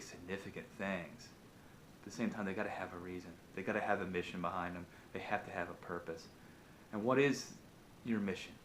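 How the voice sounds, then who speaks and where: A man vlogging, telling a motivational fable in an animated, casual way with frequent restarts. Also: lowish voice, slight background noise. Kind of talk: motivational storytelling.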